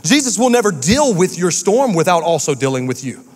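Guy pastor preaching, lots of ups and downs in his voice, echoey church hall. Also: a little fast. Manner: lively preaching, acts out quotes with shifting pitch and pace. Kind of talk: sermon.

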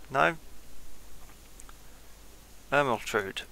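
A man's voice: mid-range voice, a little slow, gravelly, sharp tone. A man giving casual let's-play commentary on a strategy game, thinking aloud and trailing off mid-sentence. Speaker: gameplay commentator.

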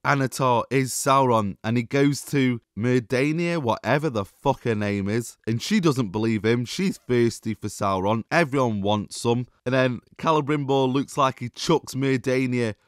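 A man's voice: mid-range voice, normal speed, few pauses, dry recording, studio quality. A man giving a sarcastic, exasperated review monologue, swearing often as he rants. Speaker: TV show reviewer.

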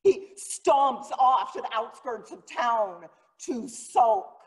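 Slow, earnest woman preaching. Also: a little high, expressive. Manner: slow, earnest, dramatic storytelling. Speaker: pastor. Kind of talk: sermon. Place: church sanctuary. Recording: long reverb of a church hall.

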